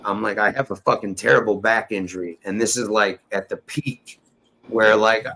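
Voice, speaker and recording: A man's voice: fairly low pitch, steady tone, moderate pace, bright, forceful tone, low-quality recording. A man telling a rambling, profane story in casual chat, acting out the dialogue he quotes. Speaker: storyteller guest.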